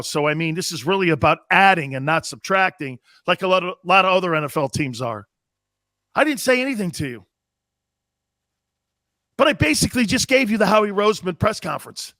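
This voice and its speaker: Fiery high-voiced sports talk host. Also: male voice, a little fast, dry recording, studio quality. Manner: animated, emphatic, rhetorical questions.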